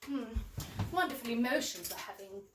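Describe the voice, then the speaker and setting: A woman portrays a bright, prim English nanny with an English accent for a kids' storytime, urging the children at home along with gasps, exclamations and lots of "oh"s. She speaks at a moderate pace in an animated voice on the high side, sounding distant in a roomy echo with slight background noise.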